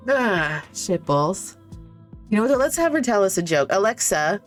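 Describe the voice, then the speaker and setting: A woman's voice: on the low side, big pitch swings, normal speed, soft background music. A woman game streamer in a rambling casual chat with her viewers, swearing freely and telling stories between greetings.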